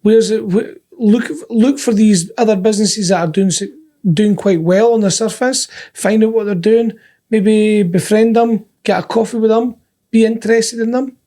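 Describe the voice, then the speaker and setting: A man's voice: sits high, fairly even intonation, normal speed, mellow. A man with a Scottish accent co-hosting a podcast, chatting casually with plenty of jokes and laughter. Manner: jokey, laughs often, chatty storytelling. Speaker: podcast co-host. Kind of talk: casual banter.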